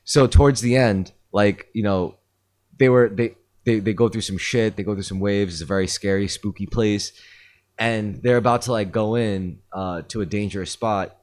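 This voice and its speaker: Kinda low-voiced guy rambling through a story on a podcast, lots of "like", swears casually. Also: fairly even intonation, normal speed, a little mellow. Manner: rambling, filler-heavy retelling with swearing. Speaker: podcast host. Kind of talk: casual chat.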